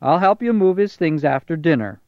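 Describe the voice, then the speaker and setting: A woman voicing a calm, dry-humoured father aardvark in a storybook reading. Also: deep voice, moderate pace, no echo, highs cut off.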